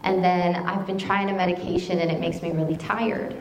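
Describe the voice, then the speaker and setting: A woman preaching a sermon in a conversational, animated way, telling stories and quoting scripture. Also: lowish voice, a little fast, echoey room, a little hiss or hum, poor audio.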